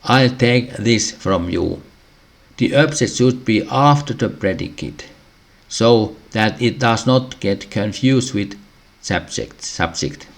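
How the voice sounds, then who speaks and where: Slow, deep-voiced man reading a lesson. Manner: halting, frequent throat clearing. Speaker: language teacher.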